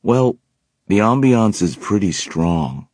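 A man voicing a quiet, dry-humored young man who speaks in a deadpan way. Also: fairly low pitch, slow pace, no room sound, voice pushed up, heavily acted.

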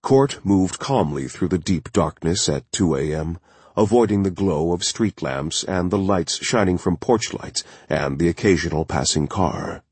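Deep husky male thriller narrator. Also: expressive, measured pace, darkish tone, no room sound. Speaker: audiobook narrator.

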